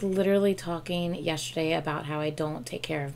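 Gravelly-voiced woman reacting to music. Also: deep voice, brisk, a little hiss or hum. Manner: expressive, swears freely, sings along. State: tired. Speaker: reaction video host. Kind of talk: casual reaction commentary.

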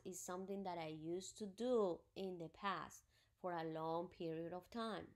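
A woman speaks at an unhurried, deliberate pace as she teaches a recorded grammar lesson. She walks through each point patiently, one example at a time, at a pitch that sits in the ordinary middle range. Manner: patient, explains step by step with examples. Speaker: Spanish teacher.

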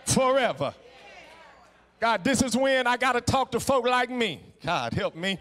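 A middle-aged man with a Southern US accent preaching in a Black church, emphatic, stammering repeats, a sing-song cadence that swings from hushed to shouting. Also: very high-pitched, big pitch swings, normal speed, in a large hall, some chatter behind. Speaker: guest preacher. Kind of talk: Black church sermon with call and response. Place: church sanctuary.

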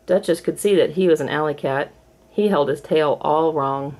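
A woman reading a children's storybook aloud in a clear, measured storytelling manner. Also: sits low, a little mellow. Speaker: storybook reader. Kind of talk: storybook read-aloud for kids.

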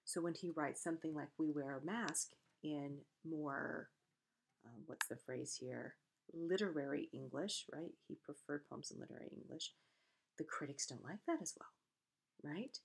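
A woman giving a conversational literature lecture, often correcting herself and pausing with fillers. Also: low-pitched, vocal fry, a little hiss or hum. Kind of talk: recorded lecture.

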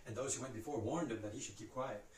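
A man reciting Bible passages from memory in a brisk, steady way, lifting his voice for the quoted cries. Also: medium pitch, roomy sound, recorded from a distance, slight background noise, rough recording. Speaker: Scripture reciter.

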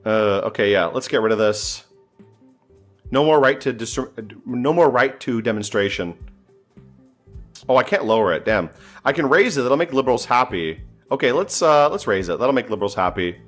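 A man's voice: medium pitch, lively intonation, moderate pace, faint music behind. A man giving casual, joking commentary while playing a strategy game, thinking aloud and sounding exasperated. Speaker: gameplay streamer.

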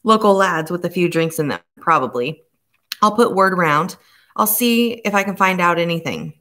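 A woman reading the part of a stern male police inspector who speaks slowly and grimly. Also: fairly low pitch, expressive, fairly bright tone. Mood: placating. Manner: slow, measured and grim.

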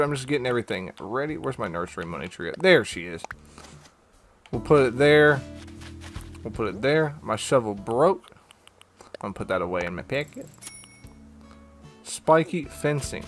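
A man's voice: medium pitch, sing-song, brisk, long pauses, faint music behind. A young man chatting casually with his viewers while he plays a game and reads their messages, upbeat and slangy. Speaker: gaming streamer. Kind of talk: casual live-stream chat while playing.

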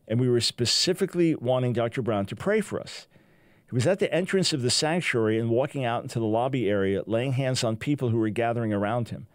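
A man's voice: mid-range voice, darkish tone, dry recording. An older American man hosting a Christian talk show, preaching fervently and reading a testimony aloud with emphasis. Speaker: radio show host.

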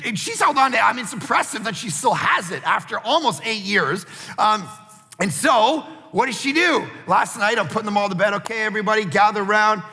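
A man in his forties preaching a sermon, his voice pitched unusually high and cutting bright, with a gravelly rasp under it. He tells stories with lively acted-out dialogue. His voice rings through a large church hall over faint music. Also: brisk. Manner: animated storytelling preacher, acts out family dialogue. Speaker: pastor.

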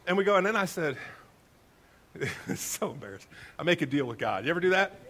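A middle-aged male pastor telling a funny story in a sermon, with a lively, self-mocking manner. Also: fairly high pitch, brisk, a little hiss or hum.

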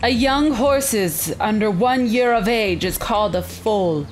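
Female let's-play host, excitable and squealy; unhurried delivery, very lively pitch. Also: a little hiss or hum. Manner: excitable, squealing reactions, narrates her own moves. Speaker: gaming channel host. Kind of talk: let's-play game commentary.

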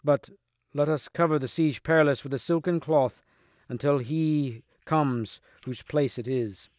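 A man voicing a noble, gracious knight who speaks in a measured, courteous way, in a storybook reading. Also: on the high side, darkish tone, dry recording, studio quality, lightly acted. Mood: solemn.

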